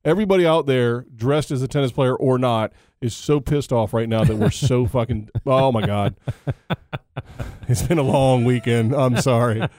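A man's voice: medium pitch, normal speed, darkish tone, no room sound, clean studio sound. A man co-hosting a podcast in casual banter, joking at his own expense and swearing freely. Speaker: podcast co-host.

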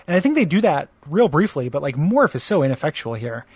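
A man's voice: on the high side, sing-song, fairly quick, breathy edge, no echo. A man chatting casually about a cartoon show, rambling with many fillers and laughing as he acts out lines.

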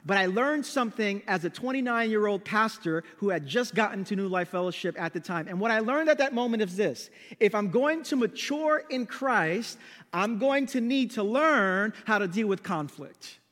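A man in his thirties, a pastor, telling a story in a sermon with an animated, self-deprecating manner. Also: sits high, moderate pace, in a large hall.

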